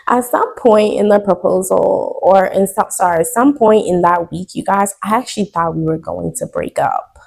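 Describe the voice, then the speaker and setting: A woman's voice: medium pitch, moderate pace, vocal fry. A woman in her twenties telling a personal story to her viewers in a casual, emotional vlog. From United States. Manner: chatty, addresses viewers directly, emotional. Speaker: vlogger.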